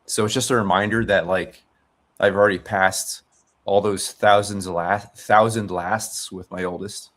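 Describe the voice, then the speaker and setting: A man's voice: low voice, steady tone, unhurried, a bit bright. A man in his thirties hosting a dads' podcast, rambling and reflective in casual chat. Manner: rambling, many fillers and restarts, reflective. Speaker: podcast host.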